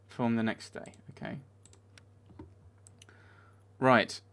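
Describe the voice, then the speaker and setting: A man's voice: mid-range voice, expressive, normal speed, vocal fry. A man giving let's play commentary, talking back to the game characters and getting easily exasperated. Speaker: video game player.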